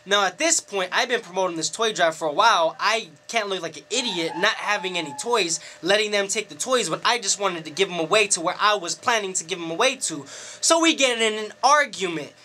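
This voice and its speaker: A man who works as a DJ and promoter, telling a story to camera in a casual, animated and profane way, full of slang. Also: sits high, fairly quick, slight background noise. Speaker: DJ and club promoter.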